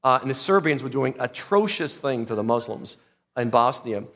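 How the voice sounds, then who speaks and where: A man preaching a sermon as pastor, telling the story emphatically and swinging between soft and loud. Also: mid-range voice, animated, moderate pace, in a large hall. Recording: dull lo-fi sound.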